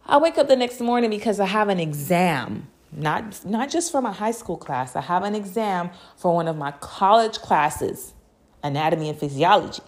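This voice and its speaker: A young adult woman hosts a podcast and tells a story in a casual, animated way, her voice on the low side at a moderate pace. She laughs often, swears freely and tosses in slangy asides.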